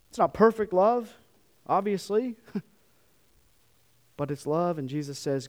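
A man delivering a sermon in a somewhat high voice. He is animated, pushing certain phrases loudly and then dropping to near-hushed asides. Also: slow pace, pauses often. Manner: animated, swings from loud to hushed. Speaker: pastor.

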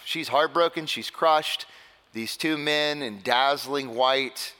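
A male pastor preaching a sermon in a conversational way, with dramatic pauses. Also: medium pitch, sharp tone, big-room sound.

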